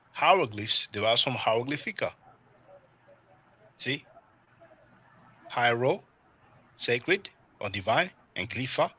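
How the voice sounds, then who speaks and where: Livestream host guy, super bright voice, chatty and animated, lots of you know. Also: mid-range voice, slightly rough, low-quality recording. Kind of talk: casual livestream commentary.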